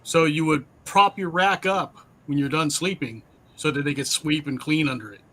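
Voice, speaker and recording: A man's voice: fairly high pitch, normal speed, fairly bright tone, poor audio. A man talking casually on a livestream, recalling his Navy service and reciting shipboard announcements. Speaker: Navy veteran co-host. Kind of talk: casual chat.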